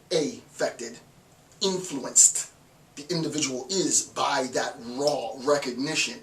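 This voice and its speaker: Emphatic male professor in echoey room. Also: mid-range voice. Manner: emphatic, repetitive, animated, with laughs. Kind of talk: philosophy lecture. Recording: roomy, distant mic, faint noise.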